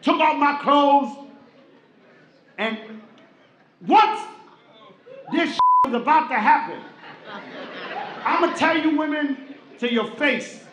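A middle-aged man from the Bronx, doing a loud, animated stand-up comedy routine on stage. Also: takes it slowly, pauses often. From the Bronx, New York. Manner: loud and animated, shouting punchlines, dropping into deep voices for other characters. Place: large comedy stage with a live audience. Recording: echoey live venue with crowd noise.

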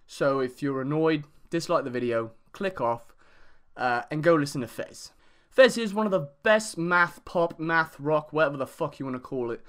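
A man hosting a casual music review, talking in a put-on English accent, excitable and full of swearing. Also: fairly high pitch. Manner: excitable and sweary, lots of fillers.

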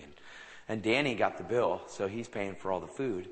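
A man preaching a sermon to a live audience. He tells anecdotes in an animated way and acts out the dialogue. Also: lowish voice, moderate pace. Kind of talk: sermon storytelling. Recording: long reverb of a large hall.

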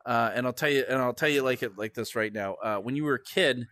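A man's voice: medium pitch, fast talker, a bit bright, dry recording. A man doing a crude, rambling stand-up rant at home, swearing constantly and laughing at his own jokes. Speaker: comedian. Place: at home, indoors.

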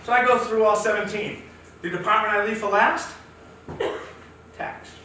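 A man's voice: high-pitched, normal speed, a little hiss or hum. A middle-aged man giving a humorous, self-mocking storytelling talk at a professional event, recorded in a meeting hall. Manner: animated, self-mocking, acts out quotes. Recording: echoey room, mic from far off.

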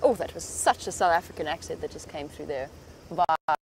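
A woman's voice: low voice, animated, fast talker, a little hiss or hum. A woman safari guide giving chatty live commentary from an open vehicle in the bush. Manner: chatty and hopeful, hushed when near animals.

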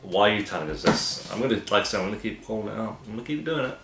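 A man's voice: fairly low pitch, lively intonation, vocal fry, reverberant, music in the background. A man hosting a TV reaction, chatting casually and mocking what he watches. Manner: sarcastic, chatty, quick to mock. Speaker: TV reaction host.

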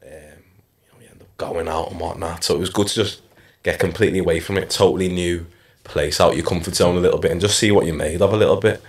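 A man's voice: deep voice, quick pace. A man in his thirties with a Liverpool accent, a former footballer telling stories in a casual podcast interview. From Liverpool, England. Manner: relaxed storytelling, frequent "like" and "you know".

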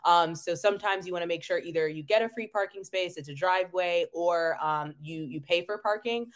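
A woman giving casual housing advice as a travel nurse, with many ums and quick restarts. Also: on the low side. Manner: many ums, laughs lightly, restarts phrases.

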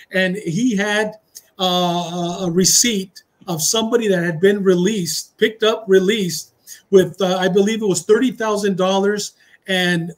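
High-voiced middle-aged ex-cop telling a story. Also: male voice. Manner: animated storyteller who acts out dialogue, slipping into Spanish phrases. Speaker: retired police officer, podcast guest. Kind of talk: casual storytelling interview.

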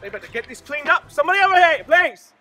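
A man's voice: high-pitched, animated, normal speed, bright, forceful tone. A man voicing a pompous, boastful male elk king who rambles and bosses his staff around in a comic monologue. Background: faint background music.

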